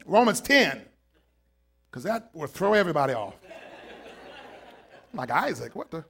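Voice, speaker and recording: Fiery high-voiced preacher man. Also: gravelly. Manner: fiery, shouting preaching that drops to quiet asides; calls out to the congregation. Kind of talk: sermon.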